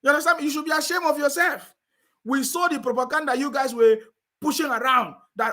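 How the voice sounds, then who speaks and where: Guy ranting hard, high voice, sharp and forceful, keeps repeating himself. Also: brisk. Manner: combative, repeats phrases, asks "you understand me?". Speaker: political commentator. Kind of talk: heated live-stream rant.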